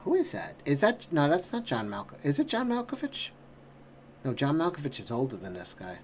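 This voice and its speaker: Middle-aged male reaction host, exasperated and foul-mouthed, slightly raised pitch. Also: wildly swooping pitch, fairly quick, a little hiss or hum. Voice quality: swears constantly, exasperated. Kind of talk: profane ranting commentary.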